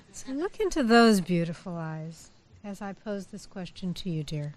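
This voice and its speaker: A woman officiating a wedding, leading the couple through their vows in a warm, playful, coaxing way. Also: fairly low pitch, expressive, moderate pace.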